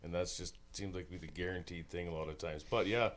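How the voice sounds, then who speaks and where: A man's voice: low-pitched, fairly even intonation, fast, a little hiss or hum. A man from Saskatchewan, a musical guest chatting casually and telling stories with easy chuckles. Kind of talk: casual chat.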